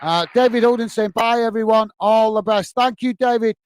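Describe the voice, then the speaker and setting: A male host of a football fan livestream reads viewer comments aloud in a friendly, chatty manner, peppering his speech with "uh" and "mate." His voice is high-pitched and steady at a normal pace, with slight background noise.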